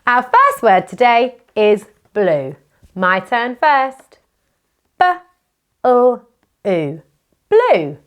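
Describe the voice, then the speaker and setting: A British woman leads a children's phonics lesson. Her fairly high voice swoops up and down with lots of expression. She speaks slowly and clearly, coaxing little ones to join in. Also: sing-song, fairly bright tone. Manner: sing-song, encouraging, slow and exaggerated for young children. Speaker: phonics teacher.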